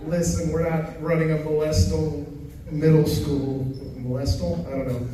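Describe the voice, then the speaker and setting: A middle-aged male comedian with a fairly high voice works through a stand-up set, chatting with the crowd and acting out each side of his stories. He is caught from some way off, so the sound carries a lot of room echo and a faint hum of ambience. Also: little pitch movement, normal speed. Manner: conversational storytelling, acts out dialogue. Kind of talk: stand-up set at an open mic. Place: comedy venue stage. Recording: echoey venue from far off.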